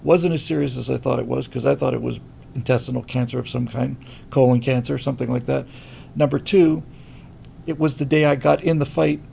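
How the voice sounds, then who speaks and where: A middle-aged man hosting a casual livestream, rambling and animated as he reads viewer comments. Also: mid-range voice, brisk, creaky, slight background noise. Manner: rambling, animated, many restarts. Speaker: livestream host reading super chats.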